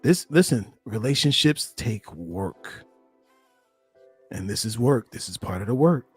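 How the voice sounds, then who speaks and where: A man working as a relationship coach, giving animated, emphatic commentary on a played clip and speaking straight to his listeners. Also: medium pitch, measured pace, slightly rough, soft background music.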